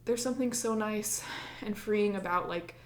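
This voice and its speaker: Woman, casual storyteller, chatty, mid-pitched, roomy echo. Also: normal speed, a little hiss or hum. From United States. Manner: chatty, many likes, acts out her own past lines. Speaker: podcast co-host.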